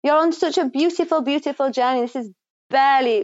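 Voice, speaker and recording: Woman, psychic reader, higher voice, smooth, dry slightly muffled recording, emphatic and swearing. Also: dry recording. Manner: passionate, swearing, rapid and affirming. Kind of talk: intuitive reading, casual and emphatic.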